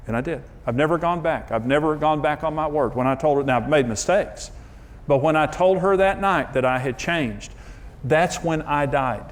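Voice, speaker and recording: Male TV marriage teacher, slightly high pitch, earnest and emphatic, confessional. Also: normal speed. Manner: earnest, emphatic storytelling with sudden pitch jumps; confessional, self-deprecating. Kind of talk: conversational sermon.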